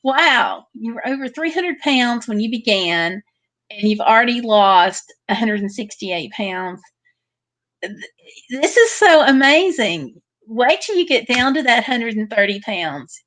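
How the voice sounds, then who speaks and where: A woman with a slightly high voice hosts a relaxed livestream from home. She reads out viewer comments one after another and answers each in a friendly way. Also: a little slow. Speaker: livestream host. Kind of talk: casual livestream chat reading viewer comments.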